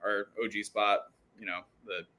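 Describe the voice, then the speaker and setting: Low, bright-toned laid-back man. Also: flat delivery, normal speed, a little hiss or hum. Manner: laid-back, filler-heavy, joking. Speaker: brewery guest. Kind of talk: casual podcast chat.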